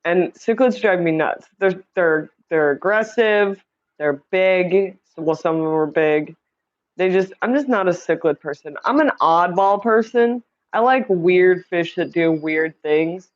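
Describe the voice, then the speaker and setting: Hosting a casual livestream from Indiana, this chatty woman greets viewers by name and reads their comments out loud. She has a lowish voice and a measured pace, picked up by a streaming setup mic with dull audio.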